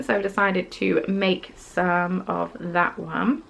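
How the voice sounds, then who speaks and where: A young woman hosting a craft podcast does casual show-and-tell, chatting and gushing over each piece. Her mid-pitched voice has a steady gravelly fry, and she fills gaps with relaxed ums. She talks at a normal speed with hardly any pauses, and the recording is rough.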